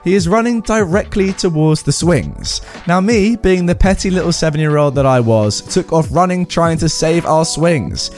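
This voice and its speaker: A man's voice: fairly high pitch, expressive, normal speed, few pauses, a little mellow, soft background music. A man reading online stories aloud and commenting on them in a chatty manner. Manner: acts out quoted voices, chatty asides. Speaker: story reader and commentator.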